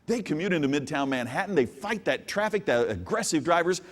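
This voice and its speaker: A man giving a live keynote speech, telling a story and swinging from hushed asides to loud outbursts. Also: fairly high pitch, fairly quick. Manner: animated storyteller with big swings from hushed to shouting. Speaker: keynote business speaker. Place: large hall with an audience. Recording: long hall reverb.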